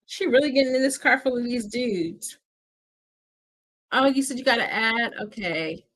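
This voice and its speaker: Woman, slightly high voice, casual watch-party host, chatty, playful slang, tired. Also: normal speed, pauses often, fairly bright tone. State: tired from an early start. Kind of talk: casual live movie commentary.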